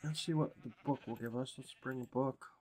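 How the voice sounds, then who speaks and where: A man casually commenting on his game, rambling between thoughts and coaxing game animals in a higher sing-song voice, chewing a cough drop as he talks. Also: fairly even intonation, brisk, a little mellow. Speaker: gameplay commentator.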